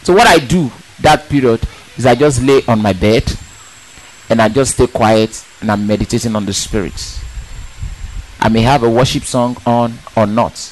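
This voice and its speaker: A man preaching a sermon in an emphatic, animated way, asking rhetorical questions and repeating words for stress. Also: medium pitch, normal speed, slight background noise, low-quality recording.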